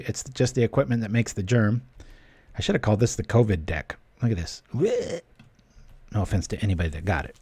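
A man's voice: mid-range voice, darkish tone, husky. Chatty man streaming a card game. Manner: chatty, joking, reads chat aloud. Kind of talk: casual gameplay commentary with chat.

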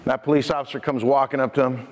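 A man giving a lively prevention talk to a youth audience, telling stories and speaking to the crowd directly. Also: mid-range voice, quick pace. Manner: energetic, addresses audience directly. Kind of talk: lively presentation with storytelling. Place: church hall. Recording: echoey hall.

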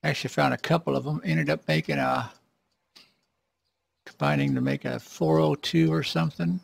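A man giving casual, rambling commentary while playing a survival game, often clearing his throat. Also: fairly high pitch, steady tone, normal speed. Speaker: let's play gamer.

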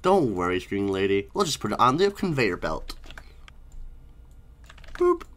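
A woman doing a low, deadpan callous cook. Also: measured pace, full character voice. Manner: flat, unbothered, low delivery. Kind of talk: voicing characters while playing a game.

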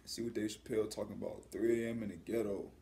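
A man's voice: lowish voice, fairly even intonation, quick pace, vocal fry, warm tone, slight background noise. A man hosting a casual YouTube reaction video, laid-back and sprinkling his talk with slang.

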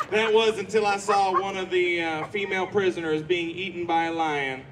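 A man's voice: sits high, bright, forceful tone, recorded from a distance, a little hiss or hum, full character voice. A man playing a polite, hesitant cowboy contestant telling jokes at a street show. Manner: hesitant, polite, lots of ums. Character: good-natured male cowboy contestant. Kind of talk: live street comedy show.

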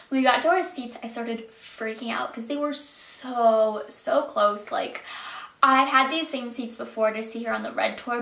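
A woman's voice: on the high side, vocal fry. Chatty teen girl telling a story. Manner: excitable, chatty, lots of fillers. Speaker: vlogger. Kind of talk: storytime vlog. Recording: echoey room.

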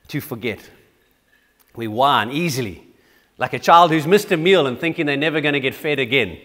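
A man's voice: fairly high pitch, fairly bright tone, long reverb tail. A man preaching a sermon in a conversational, self-deprecating way with frequent restarts. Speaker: pastor. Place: church.

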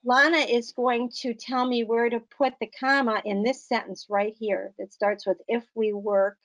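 Woman tutor, slightly high voice, patient, encouraging, step-by-step explaining. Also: flat delivery, measured pace, a bit bright, poor audio. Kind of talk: online grammar lesson.

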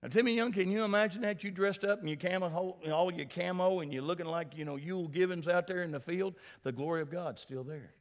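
A male pastor preaching a sermon in a church sanctuary, animated, calling for responses and addressing people by name. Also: sits high, fairly quick, hardly any pauses.

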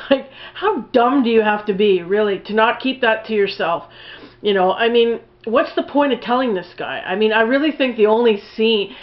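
A woman's voice: fairly high pitch, normal speed, highs cut off. A woman giving a casual spoken film review, blunt and profane, rambling with lots of fillers.

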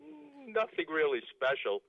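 A man's voice: on the high side, wildly swooping pitch, normal speed, creaky, crowd noise. A man calling in to a live show, chatting politely with the host. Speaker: caller. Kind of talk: casual phone chat. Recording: dull lo-fi phone audio.

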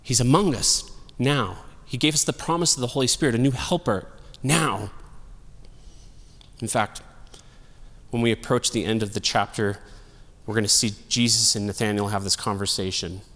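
A man's voice: lowish voice, moderate pace, long pauses, a bit bright, long reverb tail. A male pastor giving a sermon in a casual, humorous, storytelling way. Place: church sanctuary.

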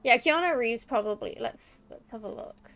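A woman's voice: on the high side, expressive, normal speed, a bit bright, soft background music. A woman with a Liverpool accent, chatting in a rambling, emphatic way as she streams a game. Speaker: VTuber streamer. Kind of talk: casual gameplay chat.

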